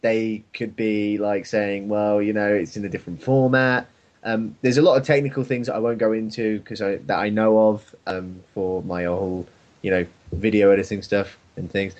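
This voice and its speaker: A man's voice: on the low side, steady tone, moderate pace, a little mellow, highs cut off. A man with a Birmingham accent chatting casually and swearing, joking in mock voices. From England. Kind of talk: casual chat.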